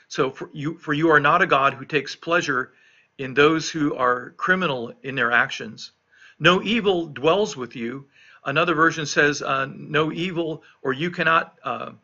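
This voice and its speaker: A man gives an informal devotional talk, reading scripture and thinking aloud about it. His voice is very bright with a gravelly edge. The recording sounds dull and lo-fi. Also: medium pitch. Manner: reflective, plain-spoken, with frequent fillers and restarts. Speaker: pastor leading noontime prayer.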